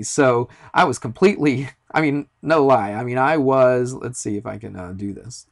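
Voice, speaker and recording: A man's voice: mid-range voice, a little fast. Chatty male math teacher telling a story. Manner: chatty, storytelling, uses fillers and asides. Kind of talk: classroom lecture with a personal story.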